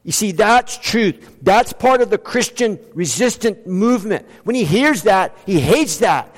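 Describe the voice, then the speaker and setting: A man with a high voice preaches a sermon in a church sanctuary, and his voice trails off in a long hall reverb. He talks in a conversational way, reads scripture aloud, and moves between quick bursts and slow, stressed lines. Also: animated. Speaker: pastor.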